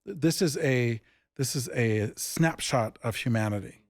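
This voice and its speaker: A man who founded an improv theatre, telling stories in a casual interview and acting out the dialogue with lively jumps in pitch. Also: measured pace, no room sound, studio quality. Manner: animated, acts out quoted dialogue with big pitch jumps.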